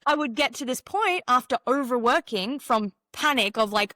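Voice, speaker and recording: A woman guest on a podcast interview, a mentor and former dancer, telling her story in an animated, emphatic way and acting out her own past thoughts. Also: on the high side, moderate pace, dry recording, clean studio sound.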